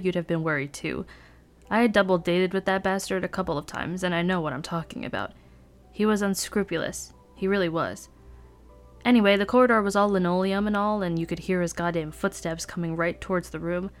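Woman podcaster reading a book out loud, lowish voice, sardonic, faint music behind. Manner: brooding, sardonic narration. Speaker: podcast host reading a novel aloud. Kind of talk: first-person novel reading.

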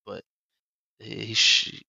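A man's voice: slow, sharp tone, no room sound, low-quality recording. A man hosting a podcast, telling a personal story as a father in a loose, rambling way that is full of "like". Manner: loose and rambling, heavy use of "like". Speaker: podcast host. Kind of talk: casual storytelling chat.

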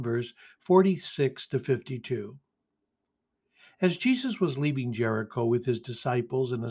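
A man with a husky, slightly breathy voice leads a daily devotional reflection. He talks in an earnest, inviting way, as if speaking to each listener directly. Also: mid-range voice. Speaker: host of a daily reflection podcast. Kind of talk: devotional reflection and scripture reading.

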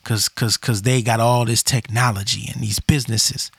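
A man's voice: mid-range voice, fairly even intonation, moderate pace, vocal fry, a bit bright, breathy edge, no room sound. A man voicing a drunk male wino at the corner store in a joke he retells, talking in loose street slang. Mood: boastful.

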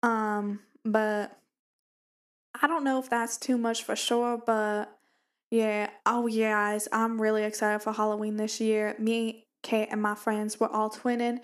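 A woman's voice: on the high side, level tone, a little slow. A young woman co-hosting a podcast, chatting in a bubbly, rambling way and often calling out to listeners. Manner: bubbly, rambling, addresses listeners as "you guys". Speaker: podcast co-host. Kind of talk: casual chat. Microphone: studio mic with pop filter.

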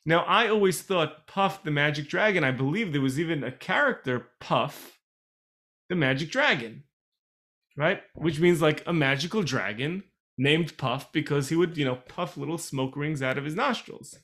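A man with a fairly high voice leads an online Torah class over a video call. He explains each idea patiently, repeats key phrases for emphasis and drops in chatty asides. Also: expressive, moderate pace, a bit bright. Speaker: Torah teacher.

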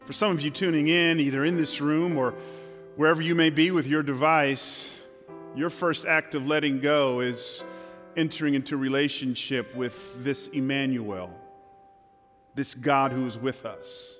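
A man preaching a dramatic sermon from a stage in a church hall, shifting between loud and hushed passages. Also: medium pitch, measured pace, soft background music. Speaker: pastor.

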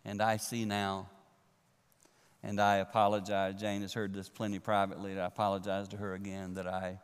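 A man preaching a sermon to a congregation, animated and swinging from loud to a near hush for emphasis. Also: on the low side, vocal fry. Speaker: pastor. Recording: long reverb of a large hall.

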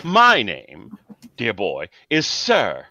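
Man putting on a pompous posh old gentleman. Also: mid-range voice, huge pitch swings, extremely slow, no echo, exaggerated voice. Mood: haughty. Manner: haughty, affected, prim.

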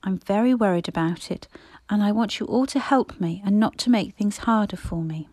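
A woman voicing a gentle, worried Victorian mother who speaks softly and tenderly, in a storybook reading. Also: mid-range voice, normal speed, no echo, close to an everyday voice. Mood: earnest. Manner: soft, hushed, tender.

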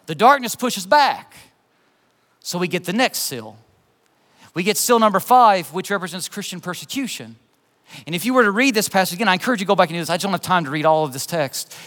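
A man preaching a sermon as pastor, passionate, swinging from urgent appeals to soft, quiet emphasis. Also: high-pitched. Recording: long hall reverb.

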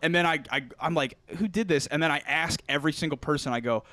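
A man's voice: on the high side, quick pace, sharp tone, no echo. A young man telling a story in a casual chat, laughing often, swearing and acting out quotes. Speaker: podcast co-host.

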